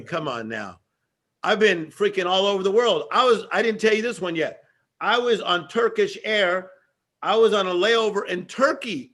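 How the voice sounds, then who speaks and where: A man as guest giving an energetic motivational talk with a preacher-like rhythm and emphatic repetition. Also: sits high. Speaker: guest speaker.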